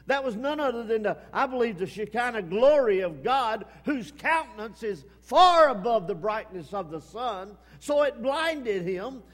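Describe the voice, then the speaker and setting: A man preaching a sermon with emphasis, repeating his phrases and swinging between loud and hushed. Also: extremely high pitch, animated, unhurried, few pauses, long reverb tail.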